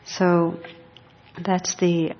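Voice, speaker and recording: A woman meditation teacher giving a gentle, reflective dharma talk. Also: fairly low pitch, completely flat delivery, extremely slow. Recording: dull lo-fi recording.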